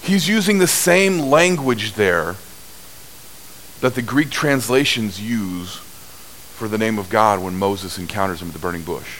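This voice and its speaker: A man preaching a sermon, telling stories at an unhurried pace with big swings in pitch and loudness. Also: lively intonation, slight background noise, rough recording. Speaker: pastor.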